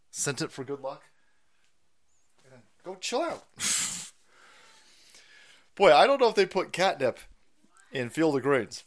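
A man hosting a political livestream, ranting loosely and profanely with a rowdy, mocking delivery. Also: mid-range voice. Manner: rowdy and mocking, with sudden shouts and mock voices.

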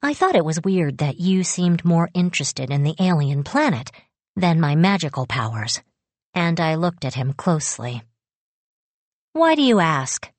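A woman reading a novel aloud in the first person, with unhurried, gentle storytelling. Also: sits low, dry recording. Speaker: audiobook narrator. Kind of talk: first-person audiobook narration.

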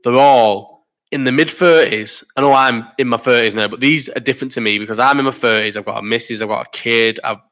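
A man's voice: medium pitch, fairly quick, fairly bright tone. A man in his thirties hosting a casual live chat, rambling and swearing as he reads out comments while sick with a cough. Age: 30s. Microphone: desk microphone.

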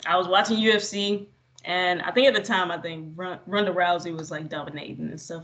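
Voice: mid-range voice, fairly quick. Laid-back young guest telling a story. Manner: relaxed storyteller, many fillers like "like". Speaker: podcast guest, jiu-jitsu practitioner. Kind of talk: casual podcast chat.

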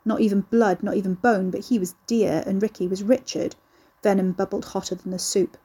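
Brief: woman audiobook narrator, warm, mellow tone, slightly husky, measured delivery. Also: medium pitch, fairly even intonation.

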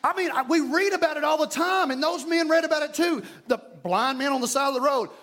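A man preaching a fervent sermon as pastor in a church, sometimes shouting and acting out prayers. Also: very high voice, fairly quick, hardly any pauses. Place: church sanctuary.

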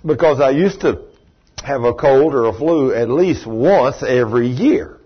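A man's voice: mid-range voice, lively intonation, unhurried, husky, lo-fi sound. A man preaching a storytelling sermon in a conversational way, full of "you know".

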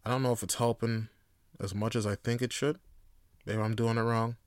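Laid-back, profane man with a smooth voice. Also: medium pitch, fairly quick, dry recording, clean studio sound. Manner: loose, rambling and profane, with lots of fillers; gets loud and animated when hyped. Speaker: podcast host. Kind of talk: casual solo podcast monologue.

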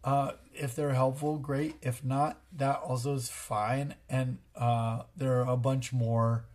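Guy in his 30s chatting about parenting, earnest, mid-pitch, acts out little dialogues. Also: little pitch movement, takes it slowly, darkish tone. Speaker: podcast co-host. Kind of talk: casual parenting chat.

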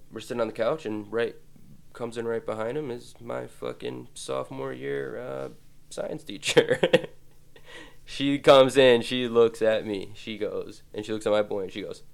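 Gravelly young man telling crude stories. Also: mid-range voice. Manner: profane, loose, laughs through his stories. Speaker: podcast host. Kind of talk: rambling comic storytelling.

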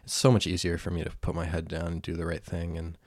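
A young man with a deep, low voice rambles to himself in a casual vlog, recorded alone in his room. He pokes fun at himself and keeps stopping and restarting his sentences. The sound is close and dry, with no echo around him. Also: monotone, quick pace, darkish tone. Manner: rambling, self-mocking, restarts often. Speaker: vlogger. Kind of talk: casual self-talk vlog.

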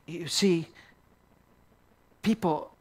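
A man's voice: fairly high pitch, very slow, husky. A man teaching a sermon as a story, often repeating words as he restarts and chuckling along. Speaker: Christian teacher.

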